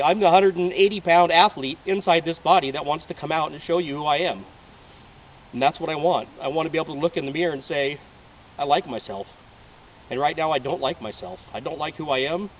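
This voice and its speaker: A man's voice: fairly high pitch, fairly quick, a little hiss or hum. Earnest man filmed from a distance. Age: 30s. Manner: emotional, heartfelt. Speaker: reality show applicant. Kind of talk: earnest personal appeal. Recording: distant, dull home video audio.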